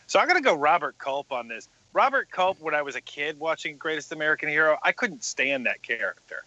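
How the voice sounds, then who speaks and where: A man co-hosting a casual movie podcast, talking haltingly and repeating words. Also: a little high, very animated, pushed and bright, no echo. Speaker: podcast co-host. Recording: slightly dull lo-fi audio.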